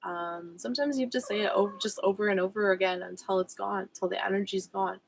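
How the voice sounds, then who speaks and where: A woman's voice: mid-range voice, steady tone, quick pace, creaky, a little hiss or hum, poor audio. A woman speaking as a spiritual coach in a personal vlog, candid and reflective, with frequent fillers and self-corrections. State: emotional.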